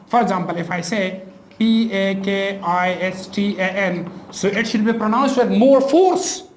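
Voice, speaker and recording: A man's voice: sits high, a little hiss or hum. A man with a Pakistani English accent, lecturing patiently as a language teacher with many fillers and restarts. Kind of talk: classroom lecture. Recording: echoey room.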